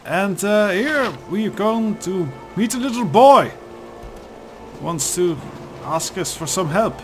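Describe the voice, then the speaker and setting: A man's voice: sits high, expressive, takes it slowly, faint music behind. A man casually chatting and joking as he narrates his video game playthrough. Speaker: let's-play host.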